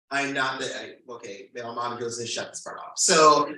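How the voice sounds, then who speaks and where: A man in his forties from the United States, a stand-up comedian telling a profane, animated story at a live storytelling show. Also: medium pitch, unhurried. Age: 40s. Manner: animated, profane, breaks into laughter. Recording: echoey room, mic at a distance.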